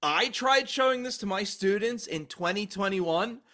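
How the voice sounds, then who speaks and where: A man's voice: high voice, animated, moderate pace, sharp tone. A man co-hosting a comedy podcast, recapping a film with jokey asides in casual chat.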